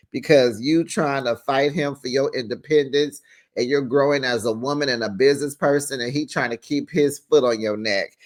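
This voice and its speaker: A man hosting a casual reality TV recap, sassy and playful, laughing often and acting out quotes in exaggerated voices. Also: medium pitch.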